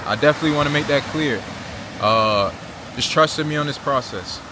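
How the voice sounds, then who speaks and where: A man's voice: on the high side, brisk, background noise. A young man from Virginia Beach with an American accent talks casually to the camera as a travel vlogger. He speaks earnestly and uses slang, often tagging his sentences with "right?" and "you know?". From Virginia Beach, Virginia, USA. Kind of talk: casual vlog talk to camera.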